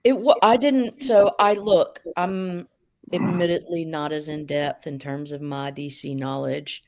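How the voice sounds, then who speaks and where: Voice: medium pitch, steady tone, measured pace, a little mellow. A participant in a casual livestream chat, thoughtful and hedging their opinions.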